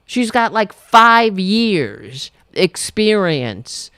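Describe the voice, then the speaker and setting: A woman's voice: medium pitch, very animated, drawn-out words, a bit bright, clean tone, dry recording, studio quality. A woman hosting a political talk show from home, blunt and exasperated, cursing freely and cooing at her pets between rants. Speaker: host.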